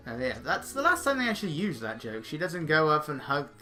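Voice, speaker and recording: A man's voice: fairly high pitch, huge pitch swings, a little fast, bright, forceful tone, faint music behind. A man casually commenting over gameplay, chatting, laughing now and then and reading game text aloud. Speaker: let's play host.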